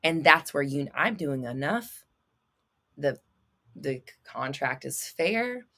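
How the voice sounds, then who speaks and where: Bright-voiced, blunt woman livestreaming. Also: low voice, slow pace. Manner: blunt, swears freely, excitable, laughs often. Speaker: manifestation coach and livestream host. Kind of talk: casual livestream chat, reading viewer comments.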